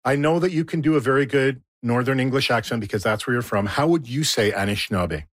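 A man's voice: medium pitch, fast talker, no echo, clean studio sound. A man presenting a radio documentary in a conversational way.

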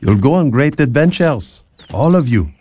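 A man voicing a gentle, loving father of five daughters, speaking tenderly and reassuringly in an audio drama. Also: medium pitch, very animated, moderate pace, breathy edge.

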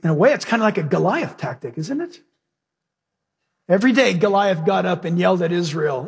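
A male pastor preaching an animated sermon, telling stories and acting out voices. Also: high-pitched, brisk, vocal fry, husky. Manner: animated, storytelling, acts out voices.

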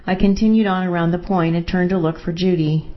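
A woman narrating a first-person story in a calm, measured way. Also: lowish voice, muffled recording.

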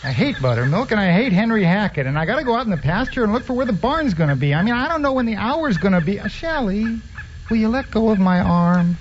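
An actor playing a nervous, evasive husband who stammers and hesitates, in a radio drama. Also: male voice, sits high, very animated, fast talker. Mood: flustered. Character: nervous evasive male time traveler, husband. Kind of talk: 1940s radio acting. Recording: dull lo-fi radio recording, faint hiss.

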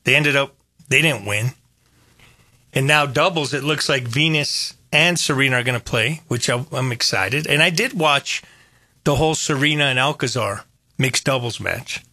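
An older man hosting a radio show in casual chat, telling stories with animated repetition. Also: mid-range voice, normal speed, dry recording, clean studio sound. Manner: animated, storytelling, repeats phrases. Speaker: radio host.

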